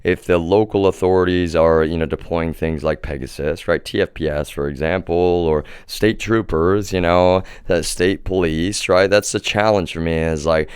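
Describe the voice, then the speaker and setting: A man's voice: low voice, normal speed, few pauses, a bit bright, clean tone, no room sound, clean studio sound. A man livestreaming an angry, profane monologue and calling his viewers "y'all". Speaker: livestream host. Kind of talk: live stream monologue.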